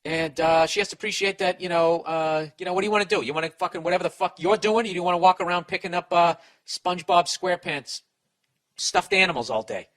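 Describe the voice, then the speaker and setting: Middle aged guy on a podcast ranting advice, swears a lot, kinda high voice, punchy and bright. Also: quick pace. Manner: blunt, swearing, self-deprecating. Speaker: podcast host giving advice. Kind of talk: profane comic advice rant.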